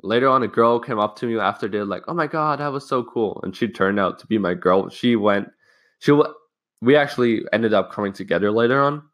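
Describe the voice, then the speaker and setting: A man's voice: on the low side, a little fast, fairly bright tone. A young man hosting a casual self-help podcast, telling a personal story candidly and loosely, with some swearing. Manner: loose, rambling phrasing with restarts. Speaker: podcast host.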